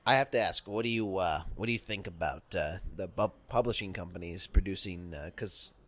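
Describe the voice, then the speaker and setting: Deep-voiced, halting comedy podcast host. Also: male voice, fairly bright tone. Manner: hesitant, filler-heavy, halting.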